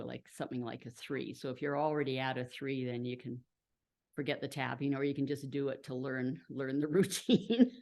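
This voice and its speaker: A woman teaching a meditation practice in a relaxed, chatty way, with fillers and light laughs, over a video call. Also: deep voice. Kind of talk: casual instructional talk guiding a group practice.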